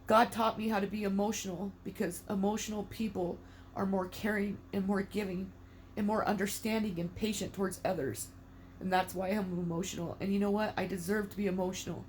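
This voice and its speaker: A woman's voice: medium pitch, fairly even intonation, a little fast, darkish tone, a little hiss or hum. A middle-aged mother speaking emotionally to camera, tearful and defiant, swearing in anger.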